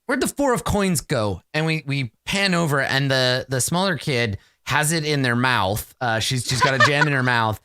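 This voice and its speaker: A man's voice: mid-range voice, normal speed, few pauses, pushed and bright, smooth. A man running a tabletop game as game master, narrating in a loose, rambling way.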